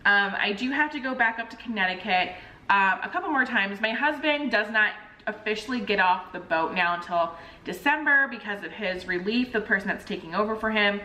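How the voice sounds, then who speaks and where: A woman in her thirties chatting casually to camera as a vlogger, telling a story in an animated way and acting out the people in it. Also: medium pitch, fairly quick. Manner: animated storyteller, acts out quoted phone calls. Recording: roomy echo, mic at a distance.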